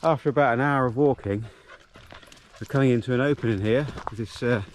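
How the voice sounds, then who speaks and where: A man's voice: mid-range voice, brisk, a little hiss or hum. A man chatting casually as he vlogs a hike with his dog, easily amazed and full of ums, recorded outdoors on a handheld camera. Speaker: vlogger hiking with his dog. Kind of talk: casual walking vlog narration. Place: outdoors on a gorge hiking trail.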